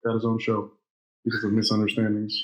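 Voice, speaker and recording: A man's voice: on the low side, completely flat delivery, fast talker. A man co-hosting a podcast in casual banter, joking and laughing often. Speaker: podcast co-host. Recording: echoey room.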